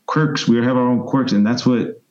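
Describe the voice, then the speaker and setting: A man in his thirties, a guest telling long, animated stories and acting out other people's voices. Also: medium pitch, moderate pace, dull audio. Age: 30s. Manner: rambling, animated storyteller, mimics voices. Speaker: interview guest. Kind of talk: casual storytelling interview.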